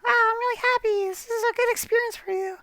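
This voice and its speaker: A man voicing his mother as a gushing, high-pitched woman who praises warmly. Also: steady tone, quick pace, no echo, full character voice. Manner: gushing, sing-song.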